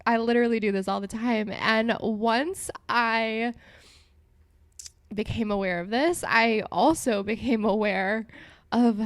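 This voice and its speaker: A woman's voice: a little high, fairly even intonation, slow, no room sound. A young woman hosting a solo podcast, talking casually with frequent laughs and lots of "like" fillers. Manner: chatty, giggly, lots of "like" fillers. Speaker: podcast host.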